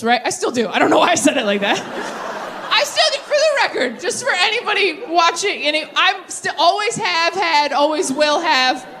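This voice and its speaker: Woman doing stand-up on a club stage, bouncy pitch all over, self-mocking asides. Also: fairly bright tone. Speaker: stand-up comedian. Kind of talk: stand-up set with crowd work. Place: comedy club stage with audience.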